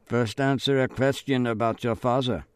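A man's voice: medium pitch, steady tone, moderate pace, clear, resonant tone, no room sound, natural voice. A man voicing a menacing German sergeant major who questions in a cold, insistent way.

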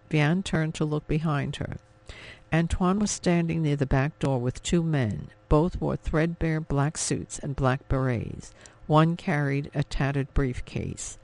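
A man narrating an audiobook in a steady, expressive storytelling manner. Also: on the high side, unhurried, gravelly. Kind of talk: scripted narration.

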